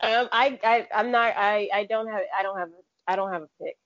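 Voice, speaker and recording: A woman's voice: medium pitch, steady tone, a little fast, a bit bright, slight background noise. A woman co-hosting a podcast in casual chat, rambling and often restarting her sentences. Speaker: podcast co-host. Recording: dull, dry, lo-fi podcast audio.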